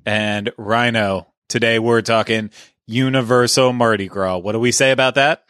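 A man's voice: medium pitch, steady tone, normal speed, a bit bright, smooth, no echo, clean studio sound. A man hosting a podcast in casual, chatty talk, joking asides about his own habits. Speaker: podcast host.

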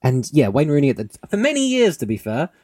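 A man co-hosting a podcast in casual chat, excitable and quick to laugh, swearing freely. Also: a little high, dry recording, clean studio sound. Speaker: podcast co-host.

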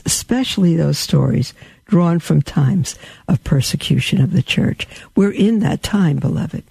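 A man's voice: on the high side, gravelly, mellow, slightly rough, dry recording. A man earnestly reading quotes aloud and commenting on them to his listeners, with emphatic repetition and occasional fillers. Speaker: Catholic commentator addressing listeners.

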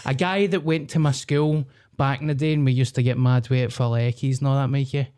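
A Glaswegian man in his thirties hosts a podcast, trading jokey, sweary banter with his guests. His voice is mellow and dark, with a relaxed, casual delivery. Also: mid-range voice, fairly quick, clean tone. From Scotland. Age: 30s. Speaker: podcast host. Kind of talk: casual chat.

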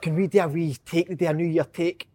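Scottish host guy, cheeky and giggly, fast high voice. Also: steady tone, mellow. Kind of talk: casual chat, teasing.

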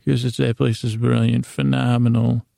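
A man with a deeply gravelly, fry-laden voice wanders through a bedtime ramble for sleepers. His tone is dark and mellow, and his delivery stays flat and low-key. The sound is close and completely dry. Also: no room sound. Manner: low-key, meandering, deliberately dull. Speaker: sleep podcast host.

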